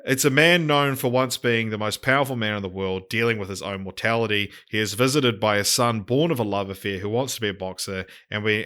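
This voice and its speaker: A man with a New Zealand accent co-hosting a podcast, reciting a made-up plot in a dry, deadpan way. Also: on the low side. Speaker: podcast co-host. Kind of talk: casual chat, reading out a made-up plot.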